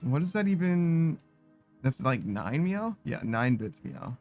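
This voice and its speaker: A man's voice: fairly high pitch, very animated, slow pace, a little mellow, soft background music. A tired man live-streaming, casually reading out viewer messages and ending nearly every sentence with "meow," laughing and swearing along the way. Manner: laid-back, tired, laughs and swears often.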